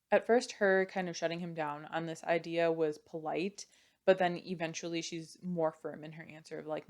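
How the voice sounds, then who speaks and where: A woman's voice: deep voice, steady tone, moderate pace, a little mellow. A young woman casually retelling a true crime story, chatty and full of "like" and "you know".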